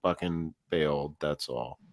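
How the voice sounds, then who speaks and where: A man's voice: a bass voice, a little slow, no room sound. A man hosting a casual live stream, rambling, joking and swearing freely. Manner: profane, rambling, jokey. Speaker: host.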